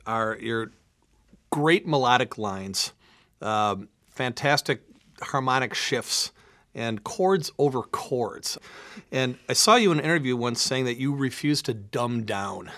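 Man, radio host, bright crisp voice, dry studio sound, enthusiastic. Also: mid-range voice, no room sound. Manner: enthusiastic, admiring, relaxed. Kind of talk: radio interview. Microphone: studio microphone.

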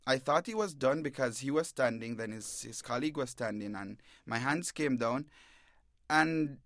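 Male reporter guest, halting and stammering, plain mid voice, dry studio sound. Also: medium pitch, fairly bright tone, no echo. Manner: halting, repeats words, stammers. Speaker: newspaper reporter, interview guest. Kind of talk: emotional first-person account. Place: radio bureau studio.

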